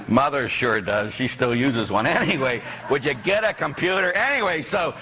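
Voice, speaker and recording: A priest from Pittsburgh giving a sermon, joking and asking the congregation rhetorical questions. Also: male voice, medium pitch, normal speed, noisy background. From Pittsburgh, USA. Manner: animated, jokey preaching with rhetorical questions to the congregation. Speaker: parish priest.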